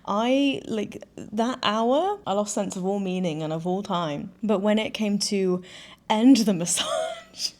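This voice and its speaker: A woman's voice: mid-range voice, slow, darkish tone. Woman in her 30s, vlogger, chatty, giggly, self-deprecating, casual storytelling.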